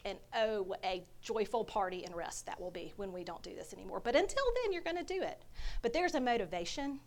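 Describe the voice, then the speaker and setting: This is a woman, teaching the scriptures in a heartfelt, conversational way. Her voice sits at an ordinary, middle pitch, and she speaks earnestly to the women in front of her. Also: very animated, normal speed. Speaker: Bible study teacher. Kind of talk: conversational sermon.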